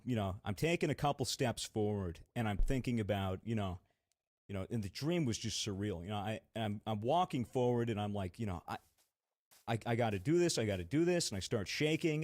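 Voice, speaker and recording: A man's voice: on the low side, animated, fairly quick, a little mellow, no room sound, clean studio sound. A young man co-hosting a podcast, telling a long story in a rambling, casual way with many fillers and some swearing. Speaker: podcast co-host.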